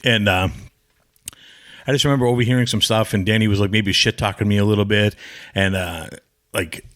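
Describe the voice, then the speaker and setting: A man's voice: on the low side, fairly even intonation, a little fast, fairly bright tone. A man, a former pro wrestler, sitting as a podcast guest and telling rambling, blunt, profane stories while acting out what others said. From New England. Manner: rambling anecdotes, blunt and profane, acts out quoted lines. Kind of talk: casual storytelling interview.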